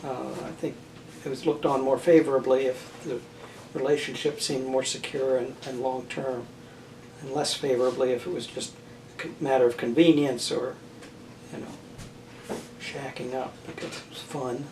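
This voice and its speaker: An older man answers interview questions about family and marriage in a measured, halting way, often pausing and restarting his sentences. He is heard from some distance in a roomy space. A faint background hiss sits under the voice. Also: mid-range voice, fairly even intonation, darkish tone. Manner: thoughtful, halting, many fillers and restarts. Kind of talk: oral history interview.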